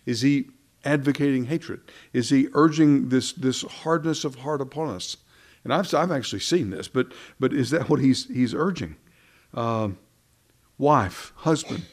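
A man preaching into a microphone, reading scripture and talking in a conversational, wry way full of rhetorical questions. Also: mid-range voice. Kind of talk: sermon.

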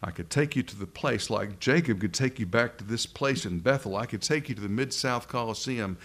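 An earnest male preacher giving a sermon before a room full of listeners. He speaks at a middle pitch and leans hard on key phrases. He slows right down when he wants something to land. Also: fairly bright tone. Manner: earnest, emphatic, slows words for stress. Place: room with a live congregation.

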